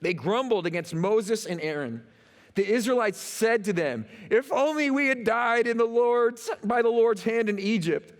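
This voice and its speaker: A man preaches from the stage, his voice a little high and swinging widely in pitch as he acts out quotes and leans on repeated words. His sermon rings out with the long echo of a big church hall. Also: animated, moderate pace. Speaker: pastor. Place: large church auditorium.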